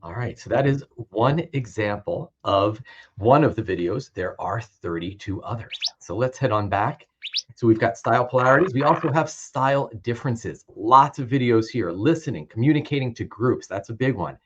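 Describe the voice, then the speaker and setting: A man's voice: mid-range voice, lively intonation, normal speed. A man casually walking through his training video series in a conversational way. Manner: conversational, informal. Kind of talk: casual product walkthrough. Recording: dull lo-fi with clear background noise.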